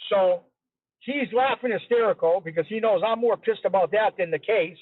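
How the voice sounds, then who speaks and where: A man tells his story as an interview guest, chatty and casual, circling back to repeat his points. His voice sits fairly high for a man. He comes through a tinny, phone-like line with a dry sound and no room echo. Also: moderate pace. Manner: chatty, repeats himself for emphasis.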